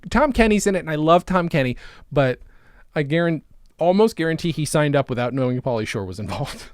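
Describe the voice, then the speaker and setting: A man's voice: fairly quick, smooth, no room sound, studio quality. A man in his thirties co-hosting a comedy podcast, joking around in casual banter and laughing often. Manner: animated, giggly, riffs into silly high voices. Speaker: podcast co-host.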